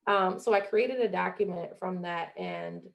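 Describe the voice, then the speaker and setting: Young woman, from Jamaica, gravelly voice, earnest motivational talk, podcast guest. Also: lowish voice, a little slow, slight background noise. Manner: earnest, acts out quoted voices. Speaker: guest, former college athlete.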